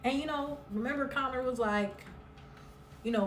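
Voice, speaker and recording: A woman's voice: high-pitched, normal speed, slight background noise. Sassy woman recapping, roomy echo. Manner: chatty, blunt and sassy, swears freely. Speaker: recap vlogger. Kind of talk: casual reality-show recap. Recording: roomy echo, somewhat far from mic.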